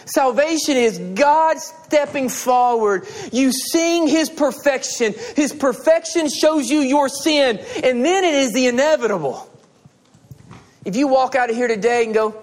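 Male pastor, higher voice, slow deliberate delivery, earnest pleading sermon style. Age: adult with children and a wife. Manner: pleading, emphatic preaching with repeated appeals.

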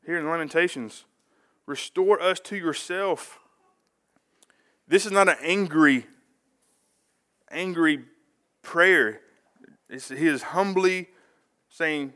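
Chatty preacher with a bright voice. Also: male voice, a little high, lively intonation, takes it slowly, long pauses. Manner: conversational, rambling with asides and self-corrections. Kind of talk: casual sermon.

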